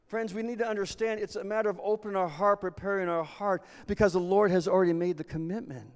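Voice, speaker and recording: A man's voice: high-pitched, fairly even intonation, quick pace, few pauses, smooth. A man preaching a sermon as pastor, earnest and repeating himself as he restarts phrases. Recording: long reverb of a large hall.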